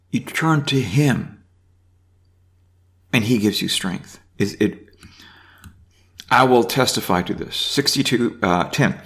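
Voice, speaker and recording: A man's voice: medium pitch, animated, slow, long pauses, a bit bright. A man giving an informal Bible teaching, reading verses aloud and commenting with frequent restarts. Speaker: preacher.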